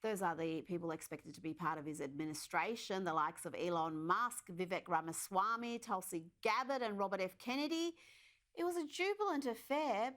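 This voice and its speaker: A woman host delivers scripted news commentary in a sarcastic, mocking tone. Her voice sits at an ordinary middle pitch. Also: expressive, normal speed, fairly bright tone.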